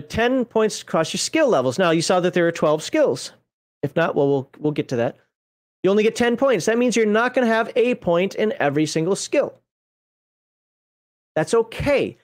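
A game master talks through a game's rules in an easygoing livestream chat. The delivery wanders, doubles back to fix details and drops offhand jokes along the way. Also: mid-range voice. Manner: rambling, self-correcting, conversational; folksy, jokey asides. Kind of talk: casual livestream rules walkthrough.

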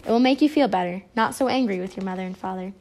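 A scheming mad scientist from a children's storybook, read aloud by a woman. He talks smoothly and with a nasty, sneering edge. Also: medium pitch, quick pace, a little mellow, close to an everyday voice. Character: scheming cold-hearted male mad scientist.

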